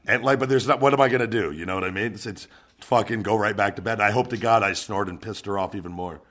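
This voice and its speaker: A man hosting a podcast, telling an animated, profane story in casual chat. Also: fairly low pitch, fast, slight background noise. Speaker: podcast host, former wrestler.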